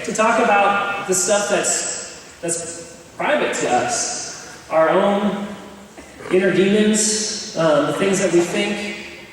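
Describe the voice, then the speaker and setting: Far from the microphone in a big, echoey chapel hall, a young speaker with a high voice shares personal stories with the crowd. He's frank and jokey, poking fun at himself, and a faint hiss or hum sits under the recording.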